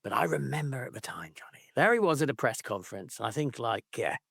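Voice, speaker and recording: A man's voice: mid-range voice, very animated, fast talker, gravelly, fairly bright tone, breathy edge, no echo, studio quality. A man co-hosting a casual football podcast, ranting playfully and swearing freely. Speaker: podcast co-host.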